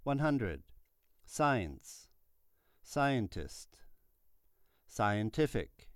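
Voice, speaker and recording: A man reading numbered word lists aloud for a pronunciation lesson, slowly and deliberately, each word clearly articulated. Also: on the low side, very animated, no echo, studio quality. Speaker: pronunciation teacher.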